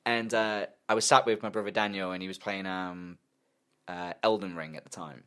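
A man's voice: low voice, fairly even intonation, moderate pace, pushed and bright, smooth. A young man co-hosting a podcast, telling a long story in loose casual chat and swearing freely. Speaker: podcast co-host.

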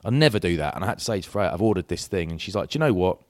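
Deep-voiced man telling a rambling story. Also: lively intonation, very fast, a little mellow, dry recording, studio quality. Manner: rambling anecdotes with self-interruptions. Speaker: podcast co-host. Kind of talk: casual chat, storytelling.

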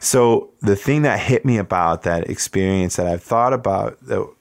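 Man, forties, from Wisconsin, low voice, dry close sound, halting reflective storytelling. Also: vocal fry, no room sound. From Wisconsin, USA. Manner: reflective, halting, many fillers. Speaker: interview guest. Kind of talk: conversational storytelling.

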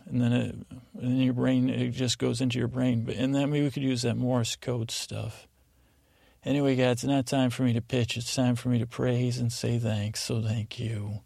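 A man's voice: mid-range voice, level tone, moderate pace, vocal fry, a little mellow, no room sound, clean studio sound. A man hosting a sleep podcast, rambling through a meandering bedtime monologue that keeps interrupting itself and slips into mock voices. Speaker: podcast host.

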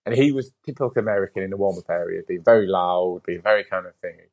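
A man sits in as a podcast guest and tells his story with easy, lively energy. His voice sits a little low, and his talk is loose, with plenty of "like" and the occasional swear word. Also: quick pace, lo-fi sound. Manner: lively storyteller, heavy use of "like", casual swearing. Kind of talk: casual interview chat.

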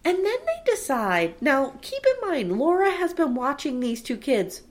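A woman casually co-hosting a podcast, recapping a TV episode with animated storytelling and acted-out quotes. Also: high-pitched, measured pace. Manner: animated storytelling, acts out quotes, laughs often. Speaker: podcast co-host recapping a TV show. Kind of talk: casual chat.

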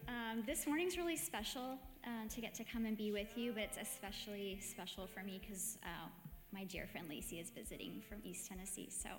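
A woman leading a devotional meditation talk in a gentle, reflective, conversational way with soft hesitations. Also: mid-range voice, a little fast, hardly any pauses. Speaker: meditation host. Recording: echoey hall with long reverb.

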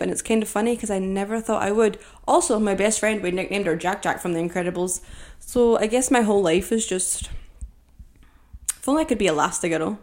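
A woman in her twenties hosting a casual solo podcast, rambling and joking at herself, with constant "like" fillers. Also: medium pitch. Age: 20s. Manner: rambling, filler-heavy with frequent "like"; self-deprecating, joking. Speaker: podcast host.

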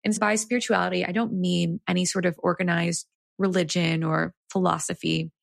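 Earnest woman with a gravelly voice. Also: on the low side, steady tone, normal speed, no room sound, clean studio sound. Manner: reflective, earnest storyteller. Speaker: guest, executive coach and author. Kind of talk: conversational interview storytelling.

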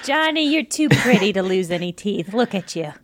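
A woman's voice: mid-range voice, sing-song, normal speed, dry recording. A woman hosting a tabletop actual-play show, bubbly and giggly in casual chat. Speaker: host and player.

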